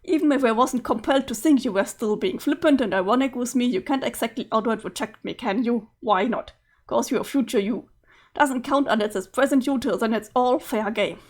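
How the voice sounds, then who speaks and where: A woman reading aloud and voicing a cool, flippant teenage boy who talks in a flat, ironic way. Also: on the high side, fairly quick, natural voice. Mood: deadpan.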